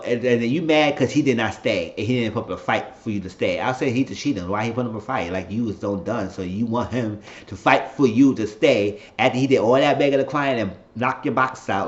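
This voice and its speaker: A man chatting casually in slang as he recaps a TV episode from his channel. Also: mid-range voice. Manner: chatty, slangy retelling of scenes. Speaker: video host. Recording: echoey room, dull lo-fi sound.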